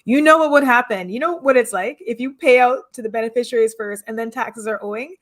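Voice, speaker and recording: A woman hosting a conversational interview, encouraging and quick to affirm her guest. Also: fairly high pitch. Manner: encouraging, frequent backchannel affirmations. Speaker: host.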